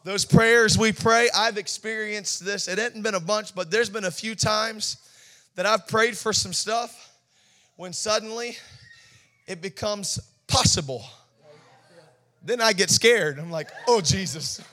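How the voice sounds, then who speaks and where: A pastor preaching with fire, his voice very high and bright. He swings from quiet, confiding asides to shouted, sing-song peaks. He acts out the people he quotes, stammering and laughing. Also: a little slow. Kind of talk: sermon.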